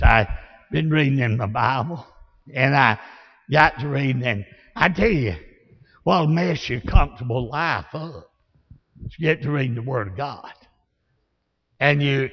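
A man with a Southern accent preaching a sermon, telling folksy stories and rising to shouts. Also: on the high side. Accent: Southern American. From Alabama. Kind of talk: sermon with storytelling. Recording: lo-fi, long reverb of a church hall.

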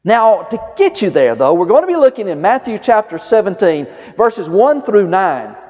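Male preacher, high and very animated, echoing dull hall recording. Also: moderate pace. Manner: lively preaching, drops low and soft for quoted words of Jesus. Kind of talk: sermon. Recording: dull reverberant hall sound.

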